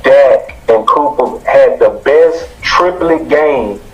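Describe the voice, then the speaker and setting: A man co-hosting a sports talk show, reciting game stats in a deliberate way. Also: mid-range voice, soft background music. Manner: stat-citing, deliberate. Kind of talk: casual sports chat. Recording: slightly dull lo-fi audio.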